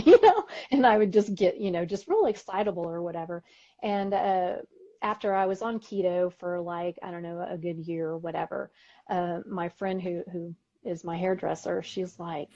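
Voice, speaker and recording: A woman's voice: lowish voice, normal speed. Chatty Texan woman, lo-fi sound. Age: middle-aged. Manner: chatty, storytelling, lively voices for quoted people. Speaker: podcast co-host. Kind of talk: casual chat. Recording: dull lo-fi audio.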